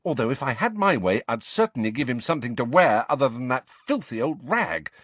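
An eager, brainy teenage girl talks brightly, with a touch of bossiness, as a man puts her on. The voice is pushed well above his own register and bounces around a lot. The sound is dry and close. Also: mid-range voice, big pitch swings, brisk, dry recording, pitched above the performer's own voice. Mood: earnest.

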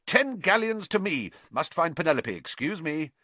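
A pompous young man , put on by a male reader, rattling off brisk, smug remarks. The voice sits raised in pitch, with a close, dry sound. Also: sing-song, sharp tone, no room sound, heavily acted. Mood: pleased.

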